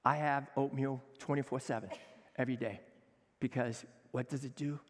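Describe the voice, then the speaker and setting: Older guy chef, fired-up conference speech, mid-pitched voice, big echoey hall with a long tail. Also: measured pace, long pauses, heavy background noise. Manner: energetic, emphatic, acts out quoted dialogue. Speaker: chef giving a mentoring talk. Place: conference hall with a seated audience.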